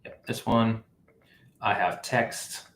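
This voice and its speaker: A man's voice: lowish voice, steady tone, takes it slowly, fairly bright tone, echoey room. A man hosting a live app-building stream, thinking aloud with fillers and self-corrections as he works. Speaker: livestream host building an app. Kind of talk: casual live coding walkthrough.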